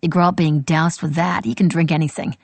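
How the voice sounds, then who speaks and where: Woman reading as a sharp-tongued young woman. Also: low voice, fairly even intonation. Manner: quick, teasing, blunt.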